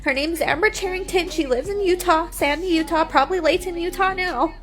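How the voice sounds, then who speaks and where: Young woman, tearful, high-pitched, defiant and pleading, phone livestream. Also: fairly quick. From United States. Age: 20s. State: crying. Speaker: reality TV personality. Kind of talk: emotional livestream monologue.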